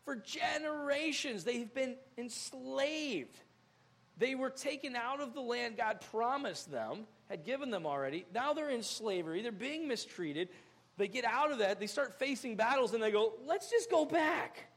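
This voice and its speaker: A young male pastor preaching a sermon in a church, animated and acting out scenes with sudden loud outbursts. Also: very high-pitched, moderate pace.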